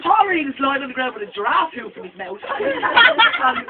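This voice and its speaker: A man's voice: extremely high pitch, huge pitch swings, normal speed. A young man telling a rambling, crude joking story among friends in a shed, often laughing. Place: home shed. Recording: muffled lo-fi, heavy hiss.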